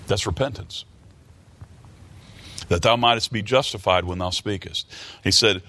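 A male preacher giving a sermon, reading scripture aloud and explaining it. He repeats phrases and stumbles while working through a thought, drops low and quiet when he voices the confession, and rises with emphasis on key words. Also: unhurried, pauses often.

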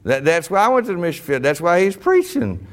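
Animated preacher man, high lively voice. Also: fairly quick. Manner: animated, shouting bursts, folksy Southern phrasing. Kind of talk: sermon.

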